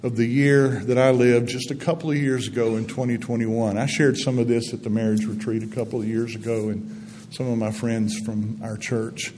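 A man's voice: medium pitch, little pitch movement, moderate pace. A man in his sixties, a guest speaker giving a folksy, earnest testimony in a church setting. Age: 60s. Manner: folksy storytelling, gentle and earnest. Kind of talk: testimony-style sermon. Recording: long reverb in a hall, faint background noise.

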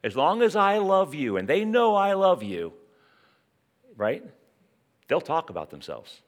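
A man's voice: on the high side, huge pitch swings, measured pace. A man preaching a sermon in church, talking in a conversational way with lots of rhetorical questions and asides. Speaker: pastor.

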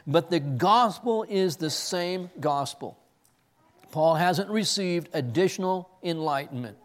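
A man's voice: on the high side, expressive, slow pace. A man preaching an expository sermon, earnest, who often repeats words as he searches for the next ones. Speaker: pastor. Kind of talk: expository sermon with personal story.

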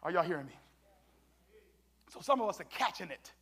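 Man, pastor, sermon, very high voice, bright tone, shouted call-and-response preaching. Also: big pitch swings, fairly quick, breathy edge. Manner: preaching with call-and-response, swinging between shouts and hushed tones.

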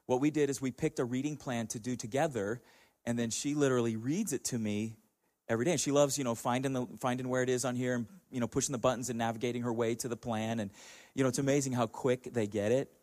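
A man's voice: mid-range voice, steady tone, fast, darkish tone. Talk like a middle-aged man chatting with a congregation. Keep it anecdotal and easygoing, in a medium voice with a ready chuckle. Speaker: church speaker.

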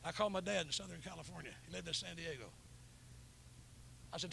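A man's voice: a little high, fast talker, gravelly, pauses often, pushed and bright, slight background noise. A middle-aged man preaching a revival sermon in a church, telling stories with fervor and breaking into hallelujahs. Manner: impassioned, punctuated with hallelujahs. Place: church sanctuary.

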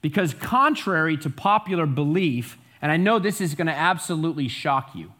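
A man's voice: fairly high pitch, expressive, moderate pace, fairly bright tone. A male pastor giving a sermon, humorous and self-deprecating, often restarting his words.

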